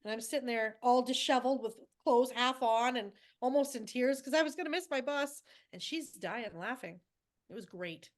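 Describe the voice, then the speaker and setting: A woman co-hosting a casual chat, a schoolteacher telling stories with animated, acted-out quotes. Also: on the high side, normal speed. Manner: animated storyteller who acts out quoted voices. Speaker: co-host.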